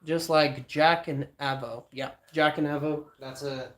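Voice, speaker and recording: A man's voice: on the high side, steady tone, unhurried, reverberant, heavy background noise. A man cooking in his home kitchen on a livestream, rambling casually and answering viewers' comments as he works. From South Africa. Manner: rambling and chatty, talks back to viewers' comments. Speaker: cooking streamer answering chat.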